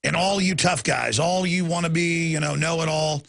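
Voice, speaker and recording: A man's voice: fairly high pitch, fairly even intonation, normal speed, vocal fry, fairly bright tone. A man hosting a talk show, delivering an angry, impassioned rant in a heated, emphatic way.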